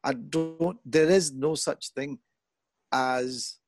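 A middle-aged man talking in an earnest, thoughtful way as an interview guest. He grows animated when he quotes other people. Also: a little high, drawn-out words, soft background music. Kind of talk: reflective conversation.

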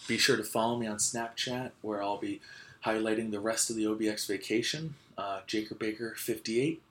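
A man's voice: fairly low pitch, moderate pace, a bit bright. A young man hosting a casual podcast, telling a story in a rambling way with lots of "like" and restarts. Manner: laughs while telling stories. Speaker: podcast host.

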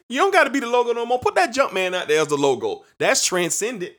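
A podcast host delivers an animated sports rant, emphatic and repeating names for effect, with features. His voice is extremely high, expressive, and a bit bright, and he talks fast.

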